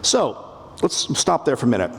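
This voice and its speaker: A man's voice: mid-range voice, big pitch swings, normal speed, creaky, fairly bright tone. A middle-aged man with a Canadian accent giving a wry, humorous public lecture on a theatre stage, acting out quotes as he goes. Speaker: literature professor lecturing. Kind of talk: public lecture to a live audience. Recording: long reverb of a big hall, faint ambience.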